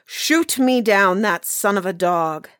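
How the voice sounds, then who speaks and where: A woman's voice: on the low side, slow, fairly bright tone, no echo. Wrathful, imperious nobleman barking orders , read by a woman storyteller, dry close sound. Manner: angry, imperious outbursts. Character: wrathful, commanding male nobleman.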